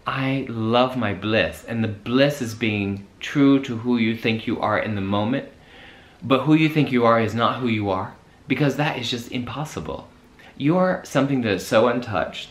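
A man giving a reflective spiritual talk, rambling and searching for words with many restarts. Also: medium pitch. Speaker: host. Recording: echoey room.

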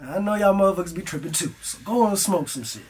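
A man's voice: sits high, lively intonation, quick pace, a little mellow. A young man telling a story in a loose, profane style, acting out his own voice as he goes. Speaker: guest. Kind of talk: casual storytelling.

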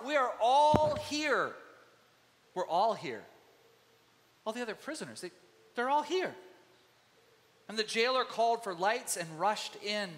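High-voiced animated preacher in a reverberant hall. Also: male voice. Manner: animated, acts out biblical voices. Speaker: pastor. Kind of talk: sermon. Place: church sanctuary.

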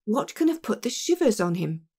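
A keen-minded detective, as a woman reader puts him on, asks clipped questions in a low, hushed way. His manner is probing and quick, turning things over aloud. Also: sing-song, slightly rough, full character voice. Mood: puzzled. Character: sharp, puzzled male detective, middle-aged.

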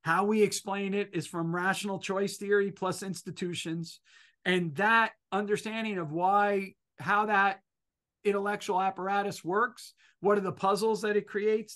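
A middle-aged man, an economics professor, telling his personal story in a talk, animated and full of fillers like "you know". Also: high-pitched.

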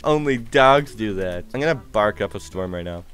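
A tired young man casually commentating a live game stream, playful and excitable, with frequent gasps and laughs. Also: medium pitch, normal speed, few pauses. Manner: excitable, playful, frequent gasps and laughs, jumps between loud squeals and mumbling.

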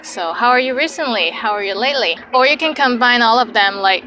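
A young woman, teaching vocabulary in a chatty video lesson and repeating each word slowly for learners. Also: fairly high pitch, lively intonation, pushed and bright, a little hiss or hum, rough recording. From Hong Kong. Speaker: language teacher.

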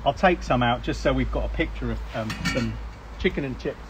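A man's voice: mid-range voice, fairly quick. A man hosting a casual live cooking show, chatty and rambling with plenty of ums. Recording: faint background noise.

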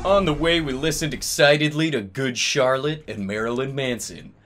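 A man co-reading a comedic dramatic reading in a slow, theatrical way. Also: medium pitch, fairly bright tone, a little hiss or hum. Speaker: co-reader.

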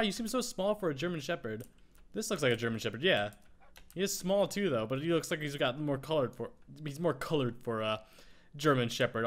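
A man hosting a casual Minecraft let's play, chatting excitedly as he plays and talking to the animals he finds. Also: a little high. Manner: excitable, talks to in-game animals. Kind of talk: casual gameplay commentary.

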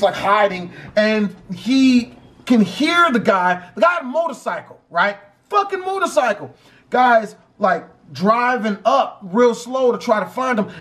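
A man telling a story in a casual, profane and animated way. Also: very high-pitched.

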